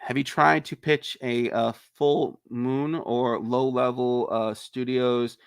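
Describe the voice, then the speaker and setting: A man's voice: mid-range voice, slow pace, clear, resonant tone, no echo, studio quality. A man, an indie filmmaker, chatting casually and ranting with plenty of swearing, sometimes acting out quoted lines in a raised voice. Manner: ranting, profane, animated. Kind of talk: casual livestream chat.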